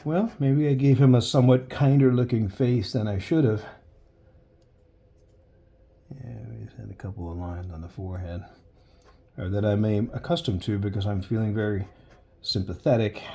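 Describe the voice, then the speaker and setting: A man's voice: lowish voice, normal speed, dark tone, slight background noise. A man chatting casually while he sketches live, rambling into jokey stories as he goes. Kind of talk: casual commentary while drawing.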